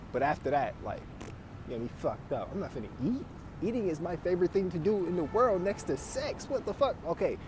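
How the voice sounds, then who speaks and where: A man's voice: sits high, slight background noise. A man telling stories in casual, profane chat, laughing often. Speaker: podcast host.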